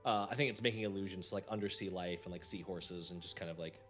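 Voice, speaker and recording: Laughing game master, casual chat. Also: male voice, deep voice, fast, faint music behind. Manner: laughs often, animated when excited. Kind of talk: narrating a tabletop game, then casual chat.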